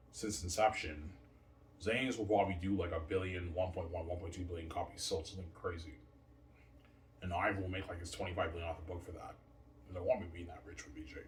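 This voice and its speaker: A man rambling and boasting in a repetitive monologue, recorded in a roomy space far from the mic. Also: sits low. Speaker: vlogger. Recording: roomy, distant from mic, faint noise.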